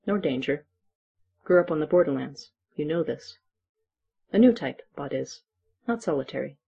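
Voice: medium pitch, lively intonation, normal speed, gravelly, warm tone, slightly rough, lo-fi sound. A storyteller voicing a stern old she-wolf guardian in an audiobook-style reading, speaking in clipped, terse phrases. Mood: blunt.

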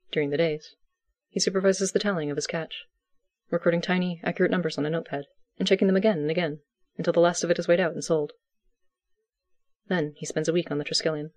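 Brief: calm audiobook narrator, mid pitch, dry close mic. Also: no echo. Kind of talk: audiobook fiction reading.

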